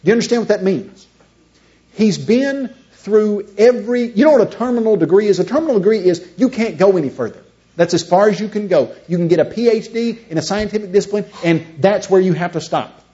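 A man's voice: high-pitched, fairly quick, mellow. A man giving a seminar talk, full of rhetorical questions and acted-out dialogues. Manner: storytelling, acts out both sides of imagined dialogues. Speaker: creationist seminar speaker. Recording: dull lo-fi recording.

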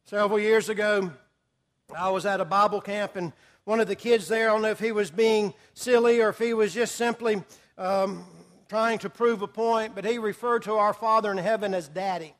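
A man's voice: high-pitched, fairly even intonation, moderate pace, fairly bright tone. A middle-aged man preaching a sermon, earnest and emphatic, rising in volume on key phrases.

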